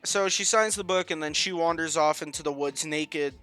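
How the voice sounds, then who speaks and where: A man's voice: fairly high pitch, moderate pace, sharp tone, smooth, soft background music. A young man giving a casual, rambling movie review, full of fillers and the odd curse word.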